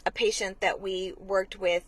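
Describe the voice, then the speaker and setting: A woman's voice: mid-range voice, little pitch movement, measured pace, no echo. Earnest woman explaining a cause. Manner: earnest, explanatory, many restarts. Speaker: blood center marketing manager, guest. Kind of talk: conversational interview.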